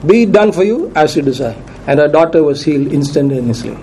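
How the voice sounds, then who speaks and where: A man's voice: on the high side, animated, fast, mellow, slight background noise, poor audio. A man preaching a sermon who reads scripture aloud, cites verses and repeats questions to his congregation for emphasis.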